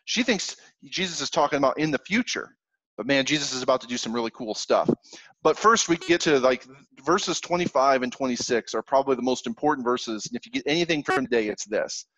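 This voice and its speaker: A man's voice: mid-range voice, animated, fairly quick, a bit bright, dry recording, rough recording. A man preaching a sermon, reading scripture aloud and explaining it in an earnest, conversational way. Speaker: pastor.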